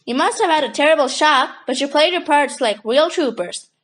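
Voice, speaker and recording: A woman voicing a brisk, businesslike male circus owner. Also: sits high, animated, a bit bright. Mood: approving.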